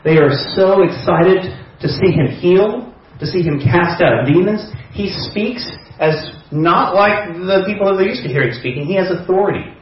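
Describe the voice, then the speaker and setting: A man's voice: high-pitched, normal speed, slight background noise. A man preaching a sermon, retelling a story conversationally with imagined dialogue. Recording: echoey hall, distant mic, dull sound.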